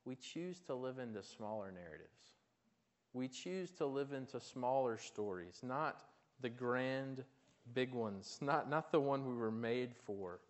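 A man's voice: medium pitch, animated, a little slow. A man preaching a sermon in a conversational way, asking his listeners questions and often restarting his words. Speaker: pastor.

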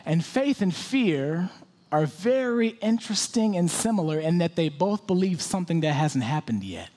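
A man preaching a sermon, swinging from loud pleading questions to hushed whispers. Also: on the high side, animated, moderate pace.

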